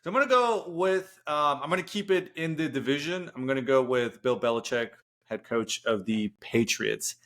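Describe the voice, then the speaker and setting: Young male co-host, casual and animated, joking storyteller, average-pitched voice. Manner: animated, jokey storytelling with quick bits of mimicry. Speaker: podcast co-host. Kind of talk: casual sports chat.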